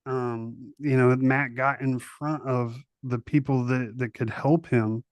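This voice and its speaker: A man's voice: mid-range voice, fairly even intonation, slow, no room sound, muffled recording. A man hosting a podcast interview, talking in a laid-back, slangy way with lots of fillers. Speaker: podcast host. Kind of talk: casual interview chat.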